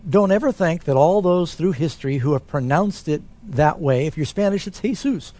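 A man, a pastor, answering Bible questions in a relaxed, conversational way. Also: fairly high pitch, normal speed.

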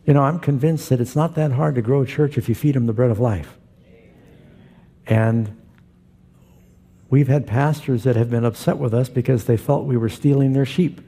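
A man's voice: medium pitch, moderate pace, mellow, breathy edge. A male pastor preaching a sermon, telling stories and acting out the quoted voices.

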